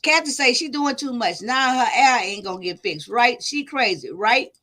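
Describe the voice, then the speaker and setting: This commentary channel host speaks in a slightly high, animated voice with a sharp tone at a moderate pace. She reads viewer comments aloud and gives her thoughts casually, working through topics with her viewers.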